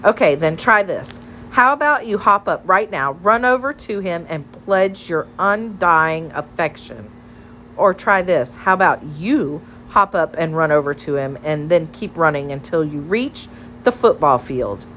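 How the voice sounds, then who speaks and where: A woman's voice: lowish voice, expressive, measured pace, a little hiss or hum, poor audio. A woman doing a teasing teenage girl. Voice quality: bright, playful, chattering.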